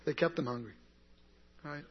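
A man's voice: on the high side, normal speed, breathy edge. A man teaching an interactive Bible class in a conversational way, asking the group questions and answering them himself. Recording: dull lo-fi recording.

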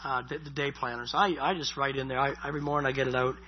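This middle-aged pastor's sermon is casual and conversational, full of repeated words and frequent you-knows. His mid-range voice is slightly rough and steady in tone, he talks quickly, and the sound is dull lo-fi.

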